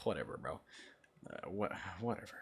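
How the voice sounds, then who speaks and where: Excitable young man streaming, lively pitch. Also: normal speed, creaky, husky. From Brazil. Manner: excitable, swings between loud outbursts and low mumbling. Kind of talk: casual livestream chat.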